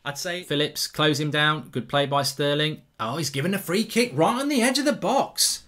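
An English man hosting a live football watchalong, reacting excitably and swearing freely at the match. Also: on the high side, moderate pace, few pauses. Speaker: YouTube football host.

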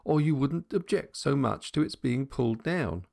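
A man's voice: mid-range voice, lively intonation, normal speed, creaky, darkish tone, no echo, studio quality, voice pushed up. A man voicing a logical, impatient young governess in an audiobook, asking firm questions. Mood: stern.

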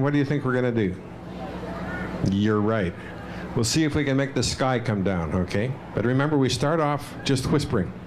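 A man's voice: mid-range voice, noisy background. A man playfully reciting a children's poem and leading a group through it in turn. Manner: animated, leads a group chant with whispers and loud lines.

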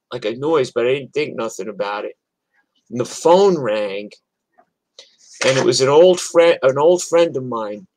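A man's voice: medium pitch, rough recording. An older man from New York telling a personal story in a casual, rambling, profane way, with many restarts.

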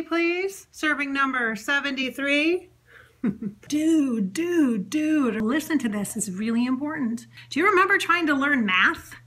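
A woman vlogging casually as a psychic, rambling and sassy, laughing often as she talks out loud. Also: a little high, breathy edge. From Minnesota, US. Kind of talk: casual blooper vlog talk. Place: home, car and outdoors.

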